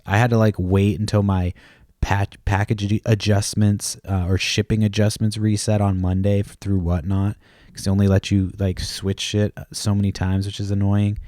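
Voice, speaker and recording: A man with a lowish voice hosts a casual podcast, drifting from story to story. He swears constantly, stumbles and restarts his sentences, and chuckles at his own tales. The sound is dry and close. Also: a little mellow, dry recording. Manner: profane, storytelling, lots of restarts and fillers; laughs at his own stories. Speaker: podcast host. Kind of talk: rambling casual chat.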